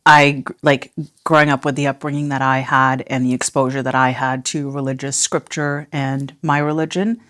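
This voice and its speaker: A woman with a notably low voice, co-hosting a podcast. She chats casually and drops in playful, teasing remarks. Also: level tone, moderate pace, hardly any pauses, a bit bright. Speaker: podcast co-host.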